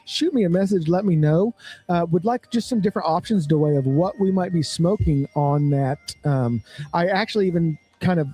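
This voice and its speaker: A man's voice: fairly high pitch, normal speed, dark tone, breathy edge, faint music behind. A man co-hosting a podcast, chatting casually and cracking jokes. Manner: jokey, chatty, puts on mock accents. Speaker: podcast co-host. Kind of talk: casual chat.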